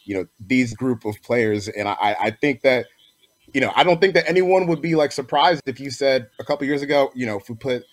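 A man's voice: medium pitch, lively intonation, a little fast. A man giving his take on a sports podcast, hesitant with many fillers and repeated words. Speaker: podcast guest. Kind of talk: casual sports chat.

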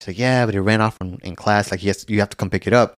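A man's voice: fairly low pitch, fairly even intonation, quick pace, no echo, clean studio sound. A man co-hosting a casual podcast, telling a long childhood story with lots of swearing and acted-out quotes. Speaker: podcast co-host.

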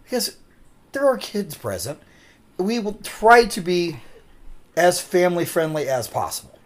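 A man's voice: high voice, big pitch swings, a little slow. A man co-hosting a casual podcast, rambling through stories, laughing often and swearing casually. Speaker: podcast co-host. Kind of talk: casual chat.

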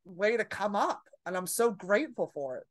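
A woman's voice: medium pitch, animated, normal speed. A woman stand-up comedian telling stories in a casual chat, acting out her own panicked thoughts.

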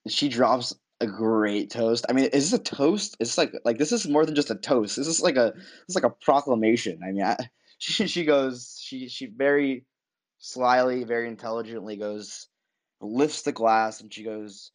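A man's voice: medium pitch, normal speed. A man co-hosting a podcast, talking casually about a TV show in a rambling way full of "like" and restarts. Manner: rambling, many fillers and restarts. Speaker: podcast co-host. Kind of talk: casual TV discussion.

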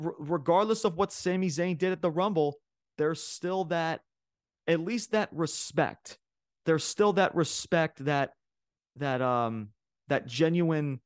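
A man's voice: fairly high pitch, no room sound, studio quality. A man hosting a wrestling podcast, recapping a show in a casual, rambling way with lots of fillers and restarts.

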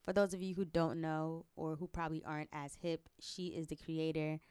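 Woman cohosting a podcast, low voice, super clear, dry sound, chatty n laughs a lot. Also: little pitch movement, moderate pace, darkish tone, no room sound. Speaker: podcast co-host. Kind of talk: casual chat.

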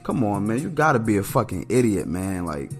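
A man's voice: fairly quick, soft background music. A man hosting a casual solo podcast, talking bluntly and profanely and leaning on "man" as filler. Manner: animated, pitch jumps when outraged or amused.

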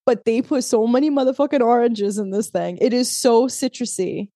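A woman's voice: fairly high pitch, moderate pace, warm tone, no room sound, studio quality. A woman co-hosting a podcast in casual chat. She swears freely, laughs often, and talks in loose, rambling stretches. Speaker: podcast co-host.

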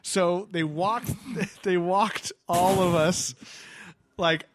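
A man excitedly telling a story in casual chat, animated, with lots of fillers and restarts. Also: high-pitched, drawn-out words, background noise.

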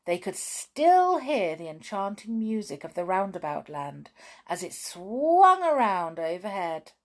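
A woman reading a children's book aloud, expressive, with chatty asides. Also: medium pitch, unhurried. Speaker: storybook reader.

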